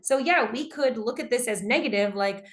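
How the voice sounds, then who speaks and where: A woman's voice: on the high side, moderate pace. A woman teaching an online English class, reading out students' answers and commenting on each one. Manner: reads student answers aloud and comments warmly on them.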